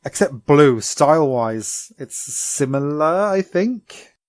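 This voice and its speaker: A man, co-hosting a podcast and recapping a cartoon episode in a chatty, animated way full of "like" fillers. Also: fairly high pitch, slow pace, dry recording. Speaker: podcast co-host.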